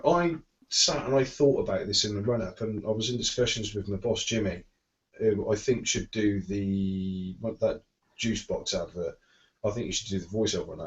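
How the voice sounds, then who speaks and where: A man's voice: lowish voice, slight background noise. A man co-hosting a casual chat show, rambling and chatty. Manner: chatty, rambling, bursts of laughter. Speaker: show co-host and vape shop worker. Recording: dull lo-fi sound.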